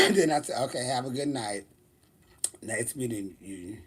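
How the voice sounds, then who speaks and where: Sassy, lively man vlogging. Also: mid-range voice, takes it slowly. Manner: sassy, animated, laughs often. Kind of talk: casual storytelling vlog.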